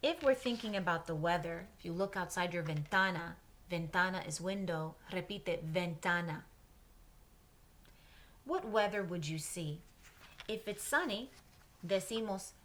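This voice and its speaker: Slow, patient woman teaching Spanish words. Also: on the low side, fairly bright tone. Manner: patient, pauses for repetition; mixes English and Spanish. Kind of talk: slow drill lesson for children.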